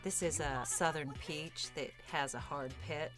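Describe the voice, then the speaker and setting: Low-voiced actress, music underneath. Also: female voice, fairly even intonation, measured pace. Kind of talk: interview talk.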